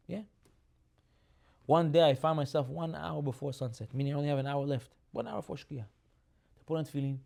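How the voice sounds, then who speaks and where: Fast, animated rabbi. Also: male voice, a little high, gravelly, clean tone. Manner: animated, repeats phrases, rises to loud emphatic peaks; mixes in Hebrew terms. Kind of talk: sermon.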